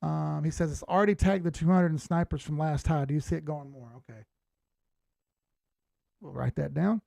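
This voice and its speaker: Gravelly blunt crypto streamer man. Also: high-pitched, a little mellow, no room sound. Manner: blunt, swears freely, laughs often. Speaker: crypto chart analyst hosting a live stream. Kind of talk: casual live-stream chat reading viewer comments.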